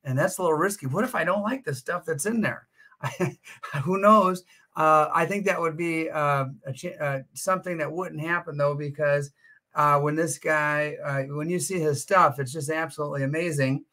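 A man's voice: on the high side, normal speed. A man hosting a live auction stream from home, chatting casually with plenty of "uh" fillers. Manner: chatty, relaxed, frequent "uh" fillers. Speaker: livestream auction host. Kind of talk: casual livestream chat.

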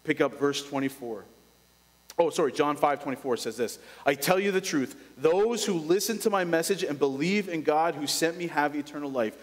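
Man preaching in a reverberant church. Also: on the high side. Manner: dynamic preaching, dropping to a hush then rising to urgent lines. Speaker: pastor. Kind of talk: sermon.

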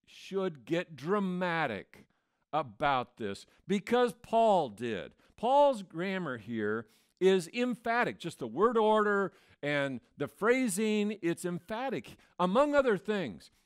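Lively high-voiced man preaching. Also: slow pace, clear, resonant tone. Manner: conversational preaching, acts out quoted voices. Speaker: pastor. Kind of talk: sermon. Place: church.

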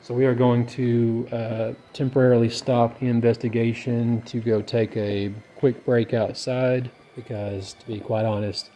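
Slow-talking man narrating a ghost hunt. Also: mid-range voice, level tone, dark tone, a little hiss or hum. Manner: measured, offers logical explanations; crude joking banter. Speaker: paranormal investigator host. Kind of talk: ghost-hunting investigation narration. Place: old hotel at night.

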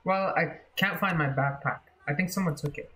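A man reading the lines of a worried teenage schoolgirl from a horror game, in a flat, hurried voice. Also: fairly high pitch. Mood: anxious.

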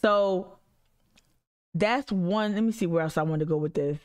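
A woman's voice: fairly low pitch, moderate pace. A woman, an activist commentator reading news aloud and breaking off into blunt, profane rants. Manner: blunt, profane, swings between animated rants and mumbled reading.

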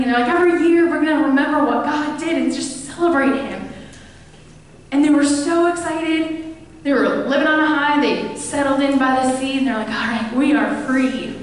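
A woman pastor preaches in a relaxed, storytelling way, slipping into casual voices as she retells scripture. Her voice sits a little high. It rings out through a big, reverberant church hall, picked up from a distance. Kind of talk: sermon. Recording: echoey hall, mic at a distance.

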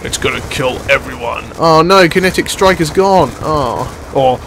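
A young man giving live commentary while playing a shooter, excitable and jokey, swearing and yelping when he gets hit. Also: fairly high pitch, a little slow, gravelly, slight background noise. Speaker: gaming channel host.

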